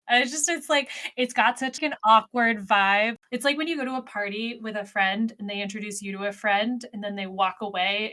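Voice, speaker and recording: Woman, podcast co-host, casual book chat, lively delivery. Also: medium pitch. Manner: animated, acts out characters in quick asides.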